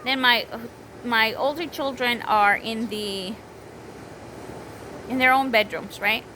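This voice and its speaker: A woman in her thirties, at home with small children audible nearby, tells a casual vlog story about her week. Her fairly high voice is slow and sharp, on a low-quality recording with slight background noise, and she rambles, corrects herself, and breaks off to scold the kids.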